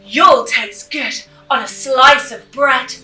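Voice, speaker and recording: A woman's voice: sits high, slow, sharp tone, exaggerated voice. A woman voicing a big, hungry monster who is easily fooled, in a storybook read-aloud, with a hungry, boastful manner. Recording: echoey room, mic at a distance, faint music.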